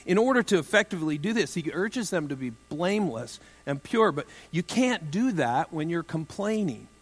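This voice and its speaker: A man's voice: a little high, big pitch swings, moderate pace, breathy edge, in a large hall. A pastor preaching a sermon in a conversational, humorous way, with joking asides to his listeners.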